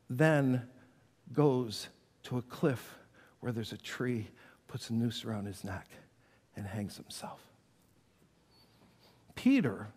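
Dramatic pastor preaching in a reverberant hall. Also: male voice, mid-range voice, husky. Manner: dramatic storytelling, acting out quoted voices, swings from loud to hushed. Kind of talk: sermon.

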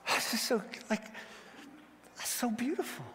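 A man delivers a sermon in a high, bright register, and his words trail off into a long hall reverb. He is from Wyoming, jokes with the congregation and jumps into animated impressions of the people he quotes. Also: unhurried, a little hiss or hum. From Wyoming, United States. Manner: animated, joking, acts out quoted voices. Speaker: pastor.

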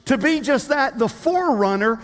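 A man preaching a sermon as a pastor, telling a story in a lively way with humorous asides. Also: very high voice, moderate pace. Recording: long reverb of a large hall.

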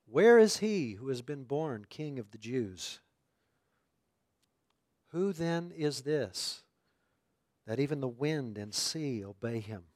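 A man's voice: medium pitch, expressive, unhurried, few pauses, darkish tone, no echo, studio quality. A man preaching a sermon: he reads scripture aloud, then quotes biblical questions in a building sequence. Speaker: pastor.

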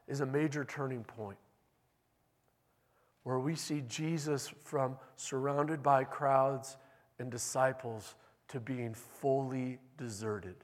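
A man preaching a sermon as pastor, speaking in a measured, deliberate way and reading scripture aloud in a church sanctuary. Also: medium pitch, darkish tone. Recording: long reverb in a large hall.

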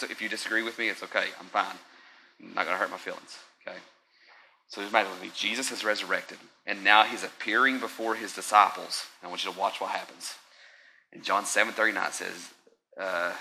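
This pastor's low-pitched sermon is conversational, with frequent check-ins with the congregation and swings from gentle, slow passages to loud, excited ones. The recording is rough and has slight background noise.

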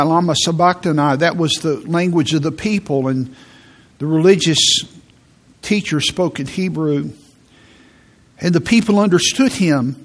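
Slow, earnest male preacher. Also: a little high, fairly bright tone. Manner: earnest, repeats words while preaching. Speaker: pastor. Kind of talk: sermon.

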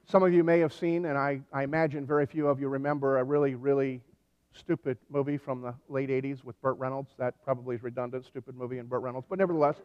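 A pastor preaching a sermon in a conversational way, with dry humor and animated storytelling. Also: male voice, medium pitch, fast talker, clean tone. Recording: dull recording with long hall reverb.

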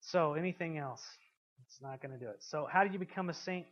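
A man preaching a sermon to a congregation. He asks them questions and swings from quiet, intimate passages to loud, emphatic ones. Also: fairly high pitch, brisk, highs cut off. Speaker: pastor.

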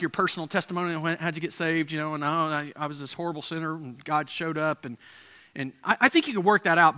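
A pastor preaches with passion and a high-sitting voice, swinging from loud, emphatic peaks to quiet, intense moments. He often repeats words as he restarts his phrases.

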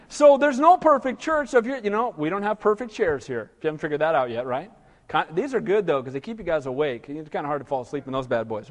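A man preaching a sermon as pastor, animated, asking rhetorical questions and acting out whiny voices. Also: very high voice, in a large hall.

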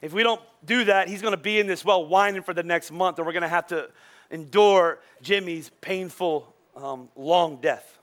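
A man's voice: high voice, moderate pace, a bit bright. A man voicing a worried farmer, sounding anxious and pleading. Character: worried male farmer, grim and resigned.

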